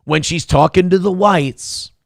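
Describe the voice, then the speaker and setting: A man's voice: sits high, a little slow, creaky, no room sound, clean studio sound. A man hosting a morning talk show, crude, mocking and opinionated in casual banter. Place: radio studio.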